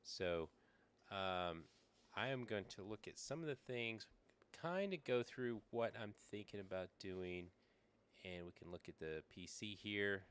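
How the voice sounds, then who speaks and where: A man's voice: lowish voice, a little slow, clean tone. A middle-aged man streaming from a small shed, chatting casually and rambling through his setup with plenty of fillers. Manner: rambling, relaxed, thinks aloud with fillers. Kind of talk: casual live-stream chat. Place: small backyard shed with air conditioner running. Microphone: desk microphone, sometimes leaning away.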